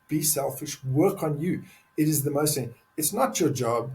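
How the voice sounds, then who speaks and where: A man's voice: a little high, lively intonation, unhurried, a little mellow, low-quality recording. An older man speaking as a podcast guest, earnest and emphatic, repeating key words for stress in candid conversation. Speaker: podcast guest, men's advocate.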